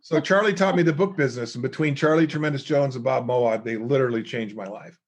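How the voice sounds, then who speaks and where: A middle-aged man, a guest author and speaker, telling lively stories in an interview and acting out the people he quotes. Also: medium pitch, fast talker. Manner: animated storyteller acting out quoted voices. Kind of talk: storytelling interview chat.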